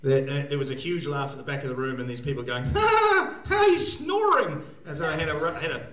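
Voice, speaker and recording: A man from New Zealand with a New Zealand accent doing a stand-up comedy set, rambling loosely with lots of fillers and sudden shouts. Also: medium pitch, steady tone, fast, reverberant, distant mic. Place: live venue stage.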